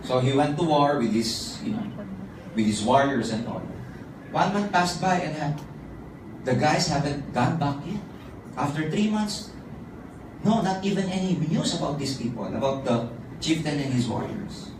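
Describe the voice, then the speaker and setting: Male speaker, rousing sales pitch, highish voice, booming echoey hall heard from far off. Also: lively intonation, moderate pace, background noise. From Philippines. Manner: rousing, repetitive, calls out to the audience. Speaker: business presenter. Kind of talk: motivational sales presentation.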